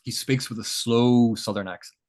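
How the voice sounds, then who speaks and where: A man's voice: mid-range voice, moderate pace, darkish tone. A man who is the guest of an interview, talking in a thoughtful, lecturing way and building each point with examples. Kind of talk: explanatory interview chat.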